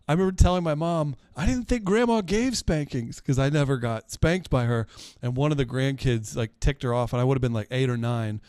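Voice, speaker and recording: A man's voice: mid-range voice, fairly quick, a little mellow, clear, resonant tone, no room sound, clean studio sound. A man guest on a podcast, telling easygoing stories about his family and quoting relatives. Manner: easygoing, quotes family members, laughs along. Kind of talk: casual storytelling chat.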